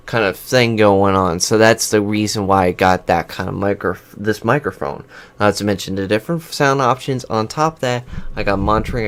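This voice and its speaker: A man's voice: lowish voice, a bit bright. A man hosting a gaming channel, casually reviewing his new USB desk microphone in his computer room, rambling and restarting sentences as he switches settings. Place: home computer room with whirring fans. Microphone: USB desk microphone, switching pickup patterns.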